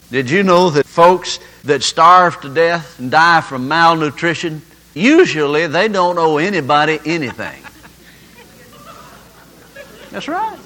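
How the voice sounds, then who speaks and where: A man's voice: fairly high pitch, sharp tone, low-quality recording. A man preaching a sermon, telling folksy stories and acting out the people in them. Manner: folksy storytelling with acted-out voices.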